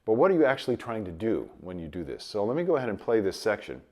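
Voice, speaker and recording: A man teaching trumpet in a casual video lesson, his voice a bit rough from a cold, explaining with light chuckles. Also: lowish voice, fast talker. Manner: relaxed explaining with light chuckles, sings sample tones.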